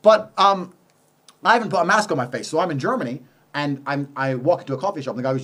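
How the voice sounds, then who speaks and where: A man, an interview guest, arguing forcefully in a heated debate, mocking and insistent. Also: a little high, fast.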